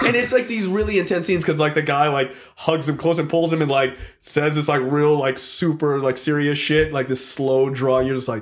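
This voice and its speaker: Animated, swearing podcast man. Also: a little high, normal speed, few pauses. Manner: animated storytelling, swears freely, acts out scenes. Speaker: podcast co-host. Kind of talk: casual chat.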